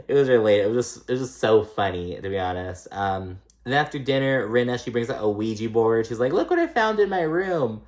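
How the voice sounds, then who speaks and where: A man hosting a casual reality TV recap. He talks in a chatty, profane way and mimics the cast's lines in a higher pitch. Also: animated, normal speed.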